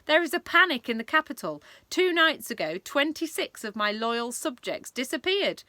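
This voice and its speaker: A flustered king, indignant and short-tempered, his voice pitched up high and swinging wildly. It sounds bright and dry, close to the mic, as a woman reading aloud puts him on. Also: big pitch swings, moderate pace, no room sound, heavily acted. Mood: agitated. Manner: agitated, indignant. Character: flustered, testy male king.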